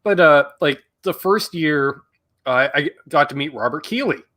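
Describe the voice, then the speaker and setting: A man's voice: fairly high pitch, lively intonation, a little slow, pushed and bright. A man hosting a casual chat, telling a friendly, chatty story. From Canada. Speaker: host.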